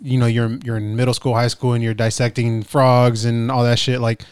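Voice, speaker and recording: A man's voice: mid-range voice, little pitch movement, normal speed, a little mellow, smooth, no room sound, clean studio sound. A man hosting a casual interview, asking loose, rambling questions and swearing casually. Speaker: podcast host.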